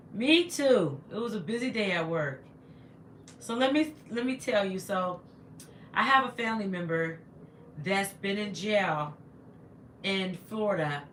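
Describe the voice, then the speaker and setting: A woman's voice: medium pitch, roomy sound, slight background noise. A woman, a teacher, chatting casually on a livestream, greeting viewers and rambling with stumbling restarts into a laptop microphone.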